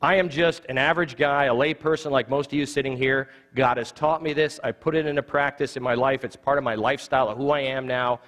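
A man in his forties teaching an evangelism class in a church, a quick, jokey storyteller who acts out the dialogue in his stories. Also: medium pitch, a bit bright. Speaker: lay evangelism trainer. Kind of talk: live teaching talk with humorous stories. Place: church sanctuary. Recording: long church reverb.

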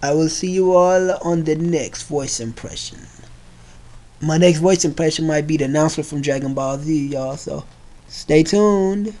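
A man's voice: fairly high pitch, unhurried, mellow. A man hosting his own voice-impression video, chatting casually with his viewers and using lots of fillers. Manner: laid-back and chatty, with many fillers. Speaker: impressionist vlogger. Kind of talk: casual vlog chat.

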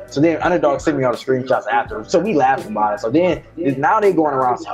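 A man, a streamer guest, telling stories in casual chat, profane and animated, acting out what others said. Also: medium pitch, music in the background. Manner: fast, profane storytelling, acts out quotes.

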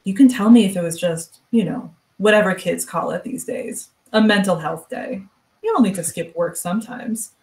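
A woman reading a story aloud, voicing a stern, controlling female store manager with a clipped, quietly pushy manner. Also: medium pitch, moderate pace, reverberant, far from the mic, natural voice. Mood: pressuring.

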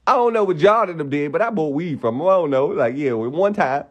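A man with a slightly high voice that jumps all over the place, ranting casually on a livestream. He swears freely, laughs between lines and talks in a mocking tone. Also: brisk. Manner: profane, mocking, animated; laughs often. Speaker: livestream host.

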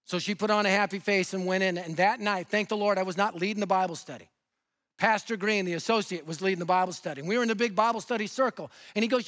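A man in his fifties from Denver, preaching a sermon with lively, humorous storytelling that swings between loud and soft. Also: high voice, fast. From Denver, USA. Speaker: guest preacher and evangelist.

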